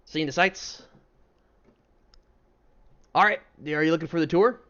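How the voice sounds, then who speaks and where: A man voicing a hearty, jovial male dwarf who heads a temple, speaking loudly. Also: fairly high pitch, unhurried, dull audio, pitched above the performer's own voice.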